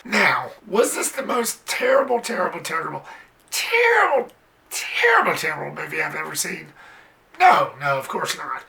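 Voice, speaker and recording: A movie reviewer giving a casual, blunt spoken film review, exasperated and swearing a little, sometimes jumping into high squealing impressions. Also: gravelly, bright, forceful tone. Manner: mimics characters in sudden high squeals.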